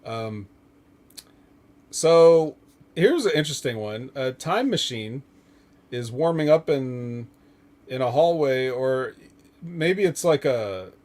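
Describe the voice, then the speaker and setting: A man's voice: medium pitch, animated, unhurried, long pauses, a little mellow. A man hosting a casual podcast, recapping wrestling in a loose, joking way, swearing and laughing often. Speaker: podcast host.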